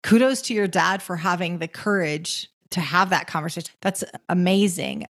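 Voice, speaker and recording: A woman's voice: fairly low pitch, normal speed. A woman hosting an interview, affirming her guest and asking follow-up questions. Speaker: podcast host.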